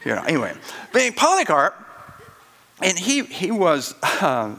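Lively gravelly preacher man. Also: sits high, slow pace. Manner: animated storytelling, acting out quoted voices, chuckling asides. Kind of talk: sermon.

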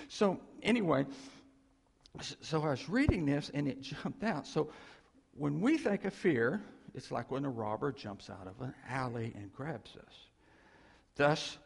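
Man, preacher, sermon, husky voice, animated and chuckling, long hall reverb. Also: on the high side. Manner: animated, chuckling often, asks the congregation to respond.

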